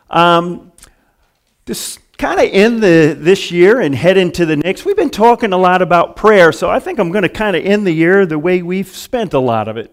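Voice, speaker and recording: A middle-aged male pastor preaching a casual, chuckling sermon full of fillers and restarts. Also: a little high.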